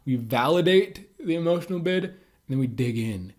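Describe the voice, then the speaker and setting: A man's voice: on the high side, animated, moderate pace, a little mellow. Loose, casual man giving communication tips. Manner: loose and conversational, many "like" and "uh" fillers. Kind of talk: casual instructional talk to camera.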